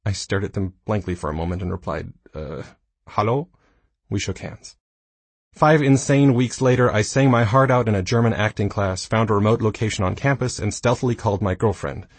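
Husky low-voiced man narrating nonfiction. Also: fairly quick, no room sound. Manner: dry, self-mocking humor. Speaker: audiobook narrator.

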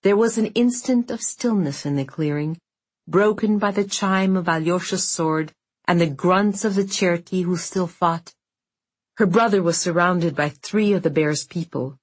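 A woman reads an audiobook in measured, dramatic tones. She speaks slowly, with a low, husky voice. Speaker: audiobook narrator. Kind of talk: scripted narration.

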